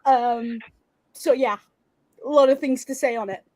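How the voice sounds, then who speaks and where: High-voiced woman, blunt and joking. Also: measured pace, a little mellow, no room sound, low-quality recording. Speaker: podcast co-host. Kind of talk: casual chat.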